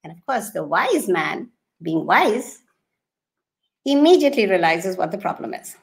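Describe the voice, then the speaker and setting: A woman giving a talk to educators as a guest speaker, telling stories with expressive, deliberate emphasis. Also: mid-range voice, vocal fry.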